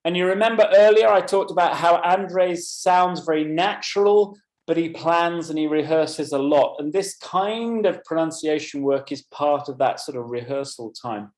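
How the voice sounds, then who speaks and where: A man's voice: fairly high pitch, normal speed, a little mellow, reverberant. A man presenting a teaching webinar, explaining at length and addressing attendees by name. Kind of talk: webinar lecture.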